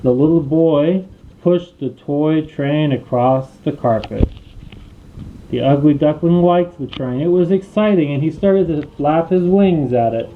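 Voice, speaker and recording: A man reading a children's storybook aloud, clear and expressive. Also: fairly high pitch, unhurried, narrow, tinny audio, slight background noise. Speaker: storybook reader.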